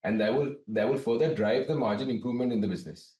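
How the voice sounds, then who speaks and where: A man, a company director, answering business interview questions in a measured, explanatory way, often restarting his sentences. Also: mid-range voice, dark tone. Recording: distant, roomy remote link.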